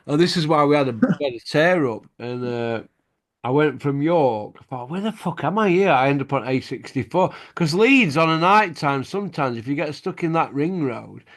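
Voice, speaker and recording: A man's voice: a little high, expressive, normal speed, fairly bright tone. A middle-aged man, hosting a boxing show and telling stories in casual chat, swearing freely and laughing as he goes.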